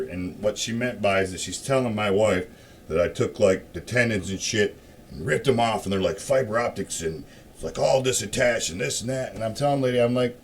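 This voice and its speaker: Middle-aged man, deep low register, profane rambling ranter who gets loud and heated; faint hiss on the track. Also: brisk. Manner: rambling, profane storytelling that grows louder and more worked up. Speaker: show host. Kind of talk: casual profane rant.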